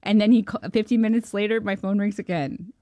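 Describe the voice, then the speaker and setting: Excitable Canadian woman, interview guest, dry close mic. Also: mid-range voice, brisk, no room sound. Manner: excitable, laughing often, acting out quoted dialogue. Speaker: filmmaker guest. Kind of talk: animated storytelling in an interview.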